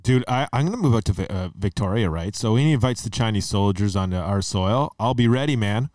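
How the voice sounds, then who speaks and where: A man's voice: fairly low pitch, animated, a little fast, darkish tone, no room sound. A man from Canada co-hosting a podcast, talking in a profane, heated and emphatic way and saying "dude" and "man" a lot. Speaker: podcast co-host. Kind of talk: casual chat.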